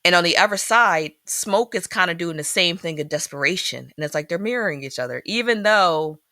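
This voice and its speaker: A woman from Philadelphia co-hosts a podcast, chatting casually, expressively, and teasingly as she reviews a film. Her low-ish voice is fairly quick, captured in clean studio sound with no echo.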